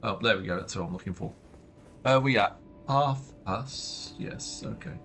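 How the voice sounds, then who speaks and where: A British man with a slightly scratchy throat, giving low-key, casual live commentary while playing a game, often muttering to himself. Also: normal speed, vocal fry, fairly bright tone, faint music behind. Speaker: game streamer.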